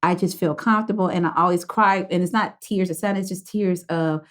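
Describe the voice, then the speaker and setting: A woman's voice: lowish voice, fairly even intonation, brisk. A woman hosting a podcast who speaks in an affirming, emotional way and laughs often, with speech. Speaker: podcast host. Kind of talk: casual heartfelt interview.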